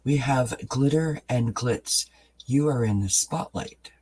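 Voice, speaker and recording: Slow husky-voiced man reading tarot. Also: medium pitch, rough recording. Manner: calm, explanatory, with pauses and fillers. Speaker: tarot reader.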